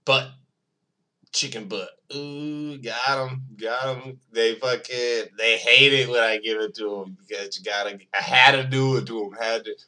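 A man hosting his own podcast alone, rambling from one thing to the next. He swears freely and mocks himself. He talks slowly at a mid pitch. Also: fairly even intonation, bright, forceful tone. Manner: profane, rambling, self-mocking. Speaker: podcast host. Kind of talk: rambling casual monologue.

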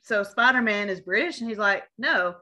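A woman's voice: mid-range voice, moderate pace, sharp tone. A young woman, co-hosting a casual podcast and retelling stories by acting out what people said. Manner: storytelling, acts out quotes with laughter. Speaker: podcast co-host. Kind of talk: casual chat.

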